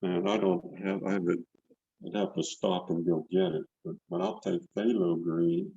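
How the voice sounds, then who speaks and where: His low voice has a sing-song lilt, vocal fry, and a dark, husky tone, moving at a moderate pace. He is an older painting instructor rambling through a demo on a video call from his studio, repeating words as he paints. The recording is dry, and the call mic cuts the highs.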